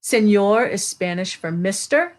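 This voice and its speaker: A woman's voice: medium pitch, lively intonation, measured pace. Chatty woman hosting a story hour. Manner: chatty, greets viewers by name, reads expressively. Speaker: storyteller hosting a live reading. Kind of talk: casual live-stream chat and read-aloud.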